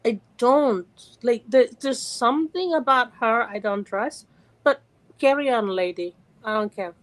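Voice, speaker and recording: A middle-aged woman from California calling in to chat, animated and quick to laugh, with many restarts. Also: a little high, low-quality recording. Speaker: caller. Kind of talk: casual call-in chat.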